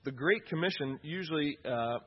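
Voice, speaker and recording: Male preacher, husky voice, earnest and repetitive delivery, slightly dull lo-fi recording. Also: on the high side, expressive, normal speed. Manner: earnest, repeats key phrases for emphasis. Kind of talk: sermon.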